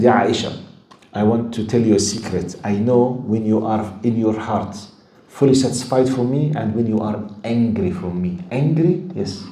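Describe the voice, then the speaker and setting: Man, religious lecturer, animated storytelling, mellow tone, roomy echo. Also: mid-range voice. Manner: animated storytelling, acts out quoted lines, laughs with audience. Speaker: Islamic lecturer.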